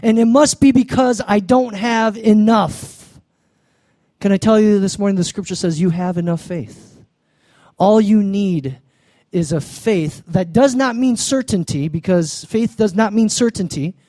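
A man preaching a sermon as a pastor, animated, acting out the people in his story and calling for an amen. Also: high-pitched, measured pace, dry recording. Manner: calls to the congregation for an amen.

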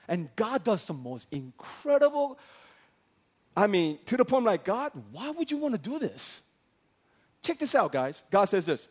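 Animated high-pitched male preacher. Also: normal speed. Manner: animated, acts out voices of biblical figures. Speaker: pastor. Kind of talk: lively comic sermon.

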